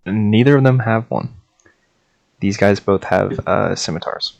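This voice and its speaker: A man with a low, gravelly voice runs a tabletop game in a relaxed way, laughing often. He calls for rolls and describes scenes in a loose, chatty manner. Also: unhurried, muffled recording. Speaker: game master.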